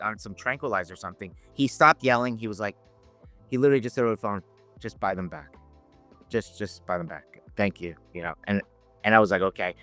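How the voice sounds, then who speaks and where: A man telling lively anecdotes in a casual podcast chat, laughing and acting out the people he quotes. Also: mid-range voice. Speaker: podcast guest, options educator. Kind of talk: casual storytelling.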